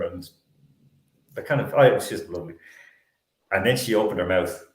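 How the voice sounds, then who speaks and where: A man's voice: fairly low pitch, lively intonation, moderate pace, reverberant. A man hosting a sports talk show, telling stories in a rambling, self-correcting way.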